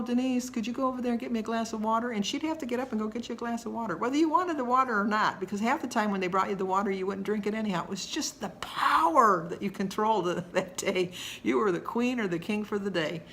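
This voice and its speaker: A woman's voice: medium pitch, a bit bright, slight background noise. A woman in her sixties chatting casually to camera at home, rambling and homey in her delivery. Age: 60s. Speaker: vlogger.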